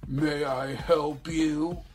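A woman reading aloud and voicing a glamorous, playful older hostess who puts on a slow, deep, throaty voice. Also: fairly even intonation, darkish tone, faint music behind. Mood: mock stern.

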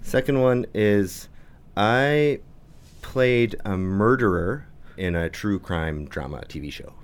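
A man's voice: fairly low pitch, animated, slow pace, clean tone. A man, a guest on a chat show, telling stories in a playful, laughing way. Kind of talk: casual chat.

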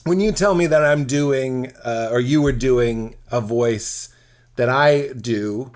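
A man's voice: mid-range voice, slow, a little mellow. A man, a stand-up comedian, chatting casually and breaking into silly character voices. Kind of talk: casual chat.

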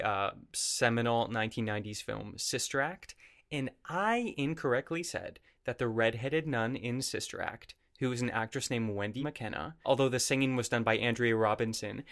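A man's voice: mid-range voice, fairly bright tone. A man hosting a podcast from his home basement, speaking in a playful way with wry asides during his intro and chat. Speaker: podcast host. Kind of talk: intro monologue and casual interview chat.

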